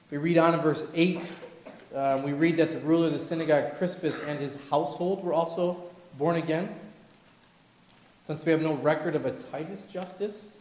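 A man preaching a sermon with animated delivery, acting out the voices of people he quotes. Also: on the high side, normal speed, slight background noise. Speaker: pastor. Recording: echoey hall with long reverb.

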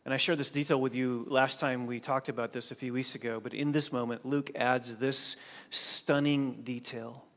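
A man preaching a sermon as pastor, swinging from hushed, drawn-out phrases to loud emphatic lines. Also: mid-range voice, fairly even intonation, in a large hall.

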